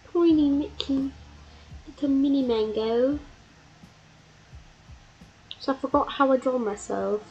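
A woman's voice: mid-range voice, gravelly, darkish tone, highs cut off, a little hiss or hum. Young woman streamer chatting while drawing. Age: young adult. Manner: chatty, self-deprecating, laughs often. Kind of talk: casual chat while drawing.

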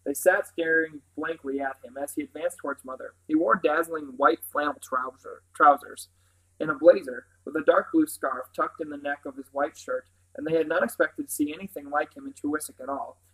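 A man's voice: fairly high pitch, fairly even intonation, moderate pace, poor audio. Man reading a novel aloud. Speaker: reader.

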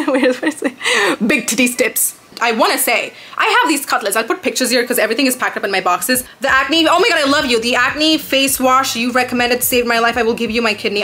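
A woman's voice: mid-range voice, sharp tone. A woman in her early twenties from Dubai, chatting in a casual question-and-answer vlog, bubbly and rambling with dramatic exclamations. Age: 20s. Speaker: vlogger answering viewer questions.

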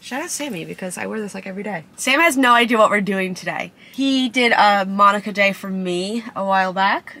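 Bubbly bright-voiced woman vlogging. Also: mid-range voice, a little fast, hardly any pauses, rough recording. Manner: bubbly, excited, chatty. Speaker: vlog co-host. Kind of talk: casual couple vlog chat.

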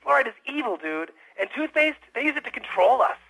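A man's voice: extremely high pitch, sing-song, a little fast, vocal fry, pushed and bright, husky, exaggerated voice, poor audio. An actor playing a paranoid, belligerent male conspiracy-theorist caller who rants and accuses the host. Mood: ranting. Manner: ranting, accusing, defensive.

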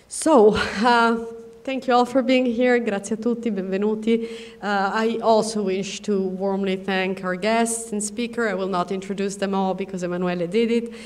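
An Italian-accented woman delivers formal welcome remarks at a podium, speaking warmly with frequent small fillers. Her voice sits at a middle pitch. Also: steady tone, normal speed. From Milan, Italy. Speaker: consul general. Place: event hall. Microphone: podium microphone.

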